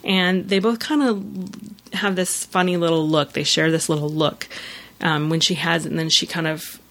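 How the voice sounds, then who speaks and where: Woman casually recapping, slightly low voice. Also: steady tone, moderate pace, fairly bright tone. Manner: retells scenes with many "you know" fillers and acted-out quotes.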